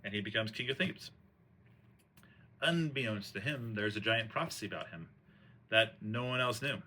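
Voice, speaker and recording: A man's voice: on the low side, lively intonation, moderate pace, bright, forceful tone. A man retelling an old tragedy in a casual, rambling way, full of slang, fillers and restarts. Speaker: host retelling a play. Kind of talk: casual storytelling chat.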